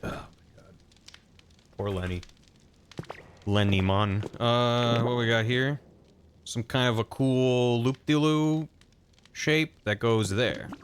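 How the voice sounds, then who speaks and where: A man streaming a video game who thinks aloud in a rambling, casual way and reads in-game text out loud. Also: mid-range voice, slow, long pauses, slight background noise. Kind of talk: casual gameplay commentary. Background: game music.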